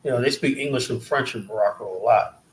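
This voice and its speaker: A man's voice: medium pitch, quick pace, a little hiss or hum. A man from Queens, hosting a livestream and ranting casually in a profane, rambling, mocking way. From South Jamaica, Queens, New York. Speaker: livestream host.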